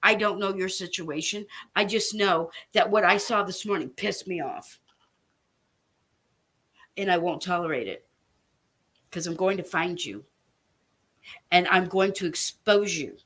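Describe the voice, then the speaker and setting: An online commentator, a woman, rants angrily and profanely straight to camera in a fairly low, slightly bright voice, speaking a little slowly with long pauses. She makes threats and drives her points home with heavy emphasis.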